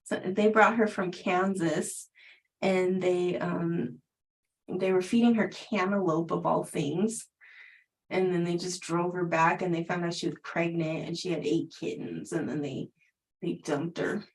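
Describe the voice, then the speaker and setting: A woman's voice: on the low side, fairly even intonation, unhurried, low-quality recording. A middle-aged woman, a spiritual teacher, casually telling a personal story on a livestream and laughing often between sentences.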